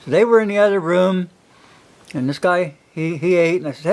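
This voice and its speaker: A man's voice: high-pitched, normal speed, a little mellow. An older man, a single father, telling rambling folksy stories in a casual way with many fillers. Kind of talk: casual storytelling.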